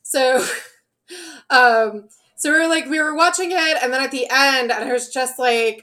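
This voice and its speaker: High-voiced woman, casual rambling chat. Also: unhurried. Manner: animated, profane, many fillers and restarts.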